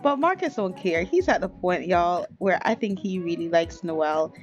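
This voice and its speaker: A woman's voice: fairly low pitch, expressive, normal speed, highs cut off. A woman giving casual, chatty gameplay commentary as a YouTuber, often laughing and calling the viewers y'all. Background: faint background music.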